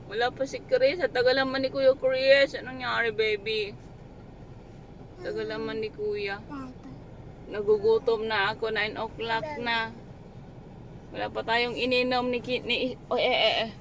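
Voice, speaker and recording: Her voice sits fairly high with fairly even intonation, moving at a normal speed and broken by long pauses. She's a young Filipino mother vlogging with her children outside a clinic, switching between Tagalog and English while alternately coaxing and scolding her toddler. Vehicles roar past in the noisy street behind her.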